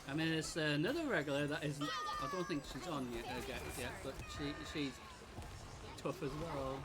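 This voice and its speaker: A British woman commenting on a live game stream, excitable, often shrieking and laughing. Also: deep voice, brisk, noisy background.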